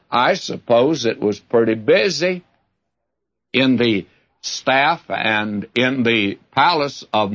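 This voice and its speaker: Husky-voiced man teaching the Bible. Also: mid-range voice, a bit bright, highs cut off. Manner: folksy, conversational teaching with asides. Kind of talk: radio Bible-teaching sermon.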